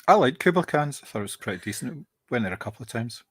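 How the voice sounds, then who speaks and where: Lively podcast co-host. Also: medium pitch, a little fast, slightly rough, no echo. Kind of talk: casual chat.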